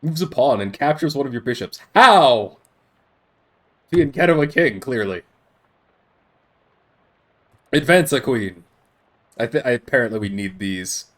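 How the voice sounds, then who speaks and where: A man's voice: medium pitch, expressive, fairly quick. Amused man streaming a game. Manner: amused, reads game text aloud. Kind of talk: casual game commentary and reading.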